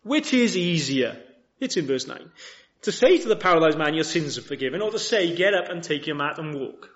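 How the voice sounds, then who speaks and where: Male preacher, high animated voice, rhetorical questions, muffled lo-fi church recording. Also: brisk. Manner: lively, many rhetorical questions, restarts. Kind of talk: sermon. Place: church chapel.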